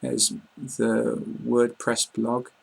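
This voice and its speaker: A man with a southern English received-pronunciation accent explains pronunciation to learners. His voice is strongly gravelly and somewhat husky. He speaks in an even, flat tone, calmly and plainly, filling his pauses with ums and uhs. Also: mid-range voice. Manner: calm, plain explaining with frequent fillers. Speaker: English teacher. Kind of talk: online lesson.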